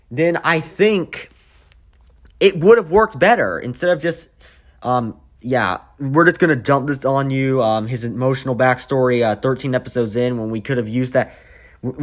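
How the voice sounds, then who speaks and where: Man, channel host, ranting commentary, exasperated, swears a lot, slightly high voice, very expressive pitch. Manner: exasperated, swears often, swings between quiet grumbling and loud outbursts. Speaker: channel host reviewing a cartoon episode.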